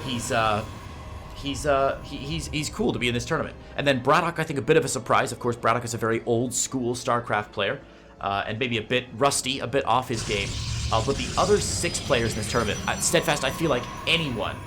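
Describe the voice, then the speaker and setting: A man's voice: medium pitch, a little fast, music in the background. A man with a Midwestern American accent casting an esports match, chatty and joking. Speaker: esports caster. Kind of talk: play-by-play commentary.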